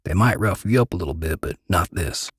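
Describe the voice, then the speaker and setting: A man's voice: sits low, lively intonation, brisk, breathy edge, dry recording, full character voice. Man putting on a tearful pleading middle-aged man, stammering, storybook reading, dry close sound. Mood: confessing.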